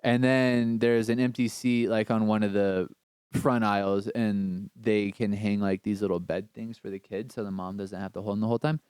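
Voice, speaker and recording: A man telling a story as a podcast guest, animated and slangy, swearing freely. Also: fairly low pitch, normal speed, clean tone, no echo. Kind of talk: casual storytelling.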